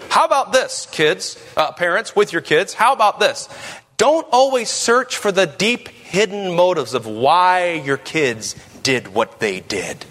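Lively preacher in an echoing church. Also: male voice, high-pitched. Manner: conversational preaching, quick asides and rhetorical questions. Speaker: pastor. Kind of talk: sermon.

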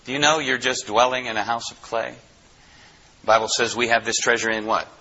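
A man preaching a sermon, teaching from the Bible with animated delivery and acted-out quotes. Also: mid-range voice, a little fast, husky, muffled recording.

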